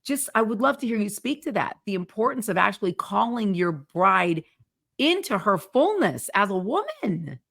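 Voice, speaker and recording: A woman's voice: medium pitch, big pitch swings, moderate pace, gravelly, a bit bright. A woman hosting a Christian interview, speaking earnestly and from the heart. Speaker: ministry host. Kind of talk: interview conversation.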